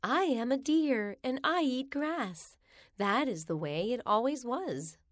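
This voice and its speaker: A woman gives an expressive, slow, sing-song reading of children's rhymes, her fairly high voice rising and falling widely. The close, dry recording carries no echo or room around it.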